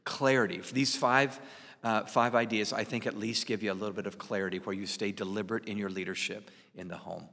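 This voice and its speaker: A man's voice: fairly low pitch, steady tone, fairly quick, sharp tone, long reverb tail. A man in his sixties co-hosting a podcast, talking in an earnest, reflective and self-deprecating way. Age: 60s. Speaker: podcast co-host, parent. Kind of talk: casual conversational podcast chat.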